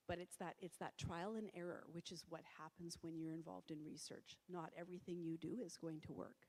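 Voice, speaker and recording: A woman's voice: lowish voice, darkish tone. A middle-aged woman giving a conversational public talk in a church hall, with many fillers and restarts. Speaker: presenter. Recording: reverberant hall.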